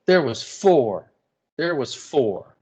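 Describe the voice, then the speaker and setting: A man's voice: medium pitch, sing-song, slow, dark tone, breathy edge, pitched above the performer's own voice, full character voice. A man voicing a frightened accused servant woman. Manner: broken dialect, pleading then furious. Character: desperate enslaved woman accused of witchcraft.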